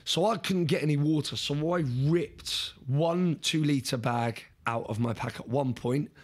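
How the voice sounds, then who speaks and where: A man's voice: fairly high pitch, measured pace, husky. A young man, a podcast guest, telling an earnest story in conversation, often restarting and repeating words.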